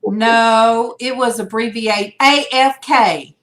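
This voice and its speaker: Older woman host, unhurried and chatty, rambles along and greets her viewers by name on a video call. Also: on the high side, fairly even intonation, fairly bright tone. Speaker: livestream host. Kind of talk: casual livestream chat.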